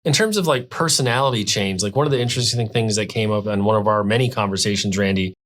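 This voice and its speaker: A man hosting an interview who asks questions in a relaxed, conversational way with some fillers. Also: fairly low pitch, fast talker. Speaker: podcast host.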